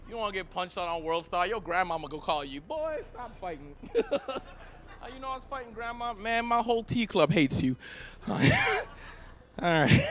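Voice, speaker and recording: A young man from Canada doing a stand-up comedy set on stage, animated, laughing often and shouting punchlines. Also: sits high, moderate pace, long pauses. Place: event stage before a live audience.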